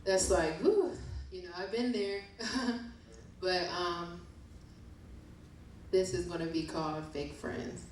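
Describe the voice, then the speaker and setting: Young woman reading her poems at a book launch, slow and soft, lots of echo, mic kinda far away. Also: fairly low pitch, fairly even intonation. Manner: slow, soft, reflective, with fillers. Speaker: author reading her poetry. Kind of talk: poetry reading and casual chat. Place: event room at a book release show. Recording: very echoey room, distant mic, faint noise.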